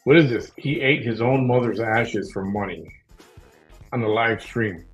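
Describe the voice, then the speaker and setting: A man's voice: on the low side, measured pace, muffled recording, faint music behind. A man hosting a live stream, reacting to clips with incredulous exclaimed questions.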